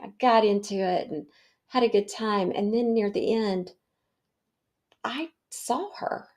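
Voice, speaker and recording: A middle-aged woman hosting a wellness show, telling a personal story in a warm, reflective way with fillers. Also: medium pitch. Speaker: podcast host.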